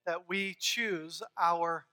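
A man's voice: high-pitched, fairly even intonation, drawn-out words, bright, forceful tone, smooth. A man preaching a sermon as pastor, earnest and emphatic, building his points through rhythmic repeated phrases.

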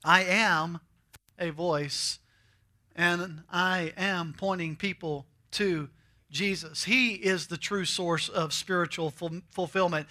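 A man preaching a sermon, emphatic and repetitive, with slowed phrases and dramatic pauses. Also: high voice, fairly even intonation, pushed and bright. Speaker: pastor.

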